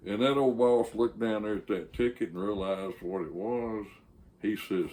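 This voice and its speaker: A man's voice: lowish voice, normal speed, a little mellow. Older man telling a folksy tale. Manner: folksy and rambling, with frequent fillers and restarts. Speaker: channel host and storyteller. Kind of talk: folksy storytelling.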